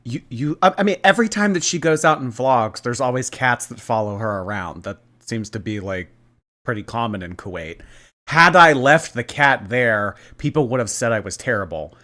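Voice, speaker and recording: On a live stream, a man chats casually, teasing and sarcastic, with lively intonation. His voice is mid-range and his pace moderate.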